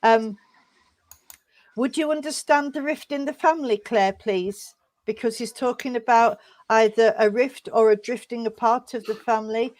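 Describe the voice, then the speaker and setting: During a service, a woman with a slightly high, somewhat mellow voice gives a mediumship demonstration. She keeps stopping and restarting, leans on fillers, and addresses listeners as sweetheart.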